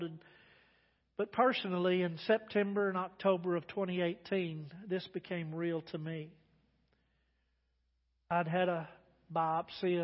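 A man preaching a sermon as pastor, with emphatic delivery that swings between loud declarations and quiet asides. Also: high-pitched. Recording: dull, reverberant church sermon recording.

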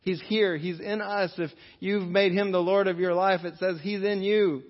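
A man preaching a sermon as pastor, earnestly, slowing down to stress key phrases. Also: sits high, fairly even intonation. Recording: dull lo-fi sound in a reverberant hall.

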